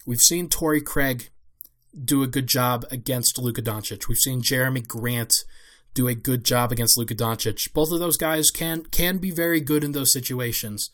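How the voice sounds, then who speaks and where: A man's voice: mid-range voice, steady tone, moderate pace, fairly bright tone. Man talking basketball off the cuff. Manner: thinks aloud with fillers and restarts. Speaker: basketball podcast host. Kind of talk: solo casual sports analysis.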